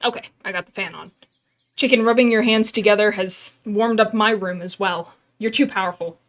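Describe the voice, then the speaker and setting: A woman's voice: mid-range voice, a bit bright. Playful woman streaming a game. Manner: playful, self-mocking, quick to laugh. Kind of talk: casual let's-play commentary. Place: room at home.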